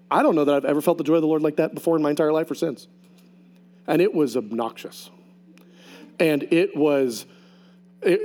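A man preaching a lively sermon testimony to a congregation, telling his story with animated, shouted outbursts. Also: fairly high pitch.

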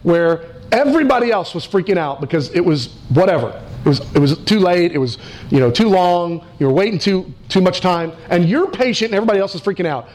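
A middle-aged man preaching a sermon, acting out quoted voices and slowing down for emphasis. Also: sits high, expressive, darkish tone. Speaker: pastor.

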